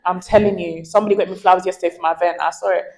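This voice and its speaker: A woman's voice: on the low side, racing, rough recording. A woman in her twenties, a guest in a candid interview, telling stories with energy and acting out what people said. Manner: animated storyteller, acts out quoted dialogue.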